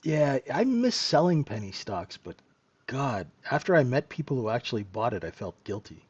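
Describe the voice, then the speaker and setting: A man's voice: medium pitch, big pitch swings, normal speed, breathy edge, no echo, lo-fi sound. A middle-aged man hosting a live trading room, chatting casually and joking with viewers, laughing often. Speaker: trading room host and mentor.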